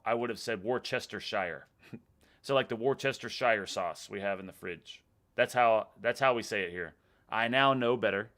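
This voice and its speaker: A man in his thirties from Texas, USA, with a Texan accent, rambles casually on a live stream while reading viewer comments aloud. His voice is on the low side with a fairly bright tone. He's laid-back, laughs a lot, and often lets sentences trail off.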